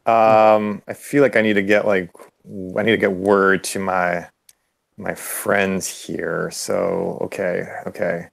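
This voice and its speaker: A man playing a tabletop game in a relaxed, chatty way. His voice is low and gravelly. The sound is dry and close. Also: slow pace, dry recording. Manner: laid-back, lots of likes and laughs. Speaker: player. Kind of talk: casual tabletop play.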